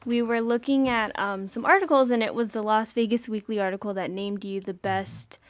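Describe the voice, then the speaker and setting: A woman's voice: medium pitch, fairly quick, dry recording. A woman interviewing a band, asking upbeat questions.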